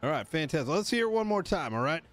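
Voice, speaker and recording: A young man role-playing a bossy gang leader in a game, talking fast with casual swearing. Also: fairly high pitch, sing-song, over loud music. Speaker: streamer playing a gang boss. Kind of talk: in-character role-play and casual outro.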